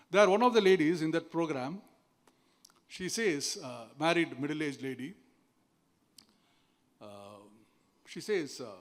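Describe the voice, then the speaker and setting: A middle-aged man with an Indian English accent giving a motivational seminar talk. He tells a story, asks the audience questions and acts out the quoted voices. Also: mid-range voice. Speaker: seminar speaker. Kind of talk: motivational speech. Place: large seminar hall. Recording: long hall reverb.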